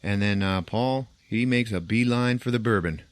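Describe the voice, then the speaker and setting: A man's voice: on the low side, moderate pace, dry recording. A man hosting a podcast, casually retelling a movie's plot, acting out the characters' lines and laughing often. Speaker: podcast host. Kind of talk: casual film recap.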